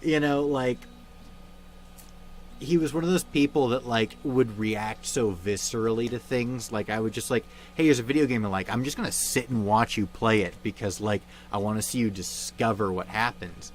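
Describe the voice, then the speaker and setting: A young man hosting a livestream, talking in a halting, subdued way with many fillers and restarts, grieving and somber. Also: medium pitch. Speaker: livestream host. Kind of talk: casual livestream chat.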